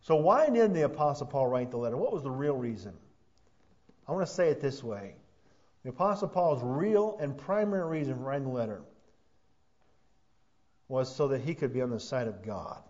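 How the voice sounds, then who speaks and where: A man preaching a sermon as pastor, earnest, rising to emphatic peaks and then dropping soft. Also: mid-range voice, big pitch swings, normal speed, pauses often. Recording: dull lo-fi sound.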